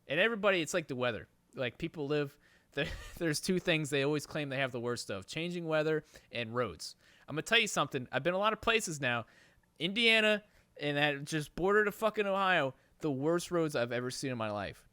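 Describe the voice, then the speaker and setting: A man's voice: on the high side, expressive, brisk, smooth, no echo. A young man hosting a podcast, telling a long rambling story with constant swearing and rising frustration. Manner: rambling, heavy swearing, gets worked up and loud. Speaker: podcast host. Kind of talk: casual storytelling.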